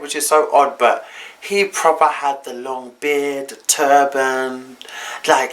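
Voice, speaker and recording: Young guy, casual storytime vlogger, mid-pitched, chatty and slangy. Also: pushed and bright, slight background noise. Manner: chatty, slangy, candid retelling.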